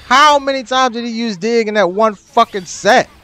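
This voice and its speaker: A young adult man commenting on his own ranked matches, swearing often and breaking into loud, exasperated outbursts. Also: extremely high pitch, normal speed, clean tone. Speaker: gaming channel host.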